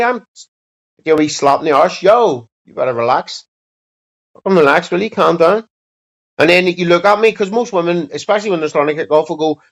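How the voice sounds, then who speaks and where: A man hosting a livestream, chatting casually and bluntly to his viewers with plenty of swearing. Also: fairly high pitch. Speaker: livestream host. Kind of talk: casual rambling chat to viewers. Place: home streaming setup. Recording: dull lo-fi sound.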